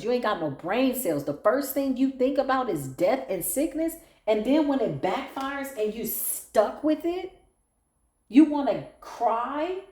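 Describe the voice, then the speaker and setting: A sassy woman reads tarot cards and talks straight to her listener. Her delivery is blunt and slangy. Her voice is mellow and darker in tone, and it sits in an echoey room. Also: mid-range voice. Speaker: tarot reader. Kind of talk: casual tarot reading monologue.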